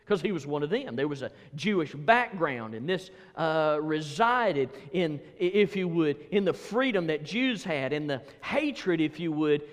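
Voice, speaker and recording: Lively, high-voiced male preacher. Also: long reverb tail. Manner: emphatic, repeats key phrases. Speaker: pastor. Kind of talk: sermon.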